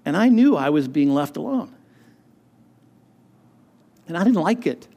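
Telling his own testimony, this male pastor sounds earnest and halting, often starting his sentences over. His voice is high-pitched and a little mellow.

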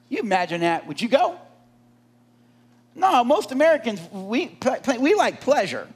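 A preacher gives an animated sermon, frequently throwing questions out to the congregation. His husky voice is high for a man and very lively, rising and falling as he builds each point. He speaks at normal speed with long pauses.

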